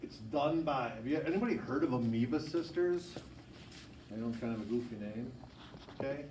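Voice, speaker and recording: A man teaches a biology class, talking quickly and casually as he walks through the handouts. He is heard from a distance, and the classroom around him is roomy and echoing. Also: mid-range voice, expressive, darkish tone, a little hiss or hum. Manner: quick, informal, self-correcting. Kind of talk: classroom instruction. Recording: echoey classroom, far from mic.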